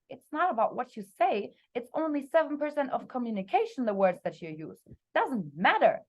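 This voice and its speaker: A young woman coaching her team on a video call, talking energetically and expressively, her voice swinging between loud and soft. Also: medium pitch, lively intonation, normal speed, lo-fi sound. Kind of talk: motivational talk on a group video call.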